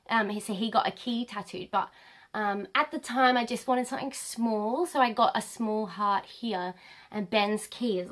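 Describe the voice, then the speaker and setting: A woman's voice: medium pitch, fairly bright tone. A young adult woman vlogging casually to camera at home, rambling with many ums.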